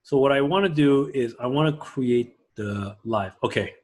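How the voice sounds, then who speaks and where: A man teaching a live class to a room of people, energetic and often checking that everyone is following. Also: normal speed. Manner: energetic, swings loud and high when excited; asks the room for agreement. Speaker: class instructor.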